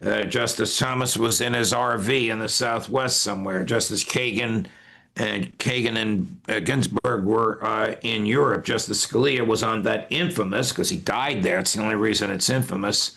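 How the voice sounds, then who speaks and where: Gravelly older male legal commentator. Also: lowish voice, fairly even intonation, sharp tone. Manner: measured, with frequent "uh" pauses. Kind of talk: interview conversation.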